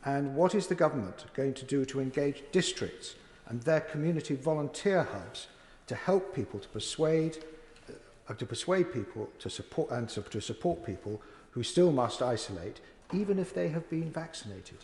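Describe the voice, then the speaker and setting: A man's voice: medium pitch, lively intonation, normal speed, darkish tone. A man, a member of parliament, putting formal, pressing questions in a parliamentary debate. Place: large debating chamber, indoors. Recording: echoey chamber with long reverb.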